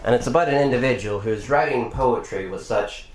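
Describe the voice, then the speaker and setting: A man from Ireland performing spoken-word poetry and deadpan jokes at a live bar gig, with rapid rhyming delivery. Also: mid-range voice, far from the mic, a little hiss or hum. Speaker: poet and comedian. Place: bar function room. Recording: echoey live room.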